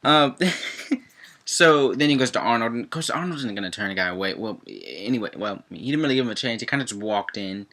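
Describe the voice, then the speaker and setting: A young man reviewing a cartoon episode in casual chat, rambling with lots of fillers and breaking into excited outbursts. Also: fast talker, hardly any pauses. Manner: rambling, heavy on fillers, swings into excited high-pitched outbursts.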